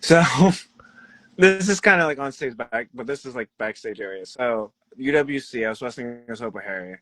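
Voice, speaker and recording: A young man, a wrestler, telling backstage stories in a rambling, animated way and laughing often. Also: medium pitch, moderate pace, no echo. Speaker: pro wrestler guest. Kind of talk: casual interview storytelling.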